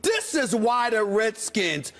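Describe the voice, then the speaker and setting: A man co-hosting a sports debate show, loud, theatrical and sarcastic, shouting to drive his points home. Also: high-pitched, very animated, takes it slowly.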